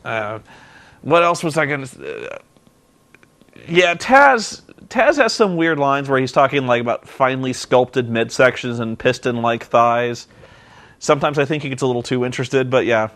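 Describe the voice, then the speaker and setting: A man's voice: medium pitch, expressive, moderate pace, a bit bright. A man casually recapping wrestling in a rambling, sarcastic, profane way with lots of ums and uhs. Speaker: vlogger reviewing wrestling.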